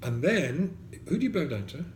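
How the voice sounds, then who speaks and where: A man's voice: on the high side, very animated, moderate pace. A man, a rabbi teaching a class to students, quoting Hebrew verses, translating them and putting questions to the room. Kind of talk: animated Torah lecture. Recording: echoey room, faint background noise.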